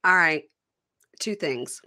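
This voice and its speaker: A woman's voice: low voice, lively intonation, slow pace, bright, forceful tone. A woman hosting a podcast in a casual, sarcastic chat, sometimes reading an ad. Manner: chatty, sarcastic, mimics people. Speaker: podcast host.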